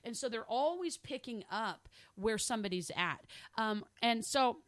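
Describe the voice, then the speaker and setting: A middle-aged woman leads a casual Bible study in a somewhat high voice. She talks warmly and loosely, laughs often, keeps asking "okay?", and slips into short acted-out conversations. The sound is close and dry, with no room around it. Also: animated, normal speed, dry recording. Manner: acts out little dialogues in other voices. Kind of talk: casual teaching on spiritual gifts.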